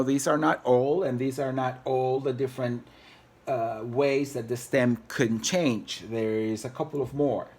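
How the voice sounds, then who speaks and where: A man walks through a grammar lesson at the whiteboard, patient and unhurried. His voice sits slightly high, and he goes over each point more than once, counting syllables aloud one by one. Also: a little mellow. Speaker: Spanish teacher. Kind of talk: classroom-style video lesson at a whiteboard.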